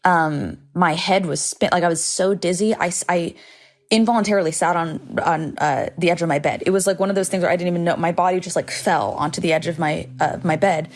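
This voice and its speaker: A woman's voice: on the low side, brisk. A woman hosting a podcast, telling a personal story in a chatty, dramatic way, full of "like" fillers and casual swearing. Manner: vivid, dramatic retelling. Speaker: podcast host.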